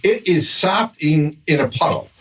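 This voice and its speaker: A man's voice: fairly high pitch, lively intonation, unhurried, fairly bright tone. An older man, a grandfather, telling a long exasperated story in casual podcast chat. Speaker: podcast guest. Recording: somewhat distant mic with faint noise.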